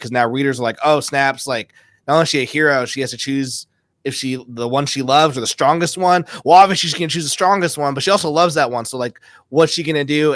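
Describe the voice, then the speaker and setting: Podcast guest: a man who explains things and jokes around, with a medium pitch. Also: a bit bright, no echo. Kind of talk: casual podcast chat.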